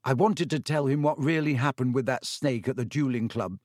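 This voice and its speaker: A man's voice: medium pitch, fairly quick, darkish tone, dry recording, studio quality, lightly acted. A man voicing a hot-tempered teenage schoolboy who speaks in a tense, clipped, angry way. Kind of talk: audiobook character voice.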